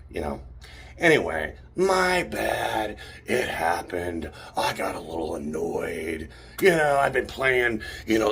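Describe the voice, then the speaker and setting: A man telling an indignant, animated story in a ranting vlog, filmed on a handheld phone in a hotel room. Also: lowish voice, a little hiss or hum. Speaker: vlogger.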